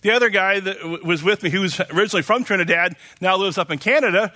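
A man's voice: high voice, fast talker, sharp tone. A man from Oklahoma preaching a casual sermon, rambling and chatty with many fillers and restarts.

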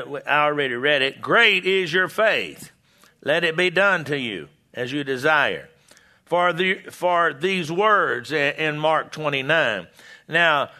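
A man teaching a Bible sermon, reading scripture aloud and explaining it, halting and restarting often. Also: a little high, sharp tone. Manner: slow, halting, with many restarts and fillers. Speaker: preacher.

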